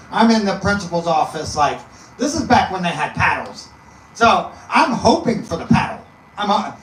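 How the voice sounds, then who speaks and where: A man's voice: high voice, a bit bright. A man from East Texas, a comedian guest, telling a profane, rambling story and laughing through his punchlines. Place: live comedy venue. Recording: echoey room, mic at a distance, faint noise.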